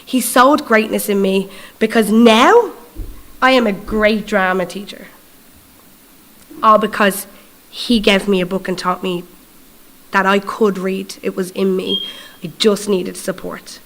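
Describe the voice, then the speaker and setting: An Irish woman preaching at a mid-range pitch, telling stories with lively energy. She acts out the dialogue in quoted voices and keeps checking in with her audience in a chatty, conversational way. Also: unhurried, pauses often, rough recording. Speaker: guest preacher. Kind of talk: storytelling sermon.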